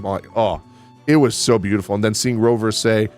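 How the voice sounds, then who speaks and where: A man reviewing a video game update in casual, candid talk, excitable and quick to swear. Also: on the low side, faint music behind. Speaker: gaming YouTuber.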